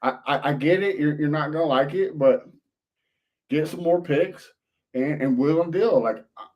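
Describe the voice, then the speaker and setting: A man's voice: fairly high pitch, normal speed, highs cut off. A man chatting casually as a fan-show co-host, often restarting his sentences.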